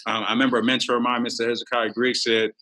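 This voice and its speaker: A man guest on a podcast, an author telling stories in an animated way and acting out quotes with big jumps in pitch. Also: racing, poor audio. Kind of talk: animated storytelling.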